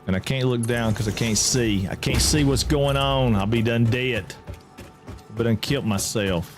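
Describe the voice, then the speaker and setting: A man's voice: medium pitch, normal speed, over music. Folksy man streaming a game. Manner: folksy, chatty, talks to himself and chat. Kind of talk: live gameplay commentary.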